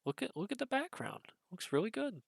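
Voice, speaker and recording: This young man's voice is extremely high-pitched, brisk, and edged with vocal fry, recorded in clean studio sound without echo. Reacting to a trailer as a video creator, he's stuffy-nosed and rambling, cursing often, hesitating over fillers, then breaking into excited outbursts.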